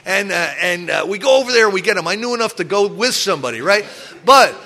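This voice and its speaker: A middle-aged man in recovery telling stories from his drinking past in a casual, animated way, acting out other people loudly and restarting his sentences often. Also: high voice, fast. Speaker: recovering alcoholic sharing his story. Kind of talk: casual storytelling talk.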